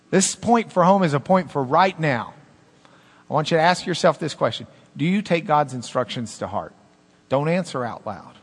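A man preaching a sermon as pastor, animated, with swings between loud emphasis and hushed asides. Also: fairly high pitch, big-room sound.

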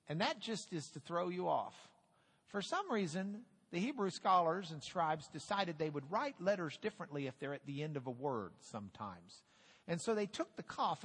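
Animated man teaching a Bible class. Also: fairly high pitch, husky. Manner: lively, jokey, animated letter drills. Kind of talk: casual church class teaching. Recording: hall reverb.

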